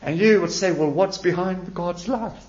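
A man's voice: high voice, moderate pace, darkish tone. A man preaching a sermon as pastor, emphatic and repeating key words with rising and falling delivery. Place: church. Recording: echoey church hall, dull lo-fi sound.

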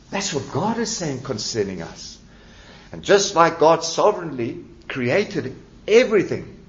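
A man preaching a sermon as pastor, emphatic and repeating key words with rising and falling delivery. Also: a little high. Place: church. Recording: echoey church hall, dull lo-fi sound.

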